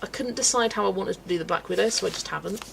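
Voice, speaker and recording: A woman's voice: medium pitch, fast talker, creaky, background noise. A woman from England's West Country, chatting casually and laughing often as she reads out viewer comments while colouring on a livestream. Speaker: livestream host.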